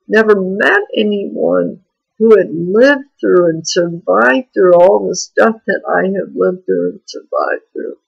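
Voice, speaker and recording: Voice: mid-range voice, gravelly, slightly rough, highs cut off. A vlogger talking in a frank, rambling, confessional way in a personal video diary.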